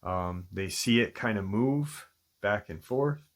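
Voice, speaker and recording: A man hosting a channel, casually retelling a listener's encounter in a halting way, with frequent ums and restarts. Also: lowish voice, lively intonation. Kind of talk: casual spoken storytelling.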